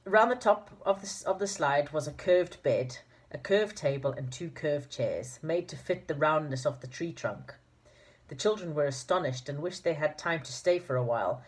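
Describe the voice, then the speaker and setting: A woman's voice: low voice, husky. A woman reading a children's storybook aloud in an informal manner, with fillers and restarts. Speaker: narrator.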